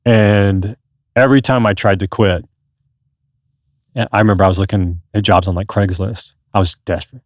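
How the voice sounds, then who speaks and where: Earnest low-voiced man telling a story. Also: fairly even intonation, normal speed, no room sound, clean studio sound. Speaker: podcast guest. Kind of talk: casual conversation.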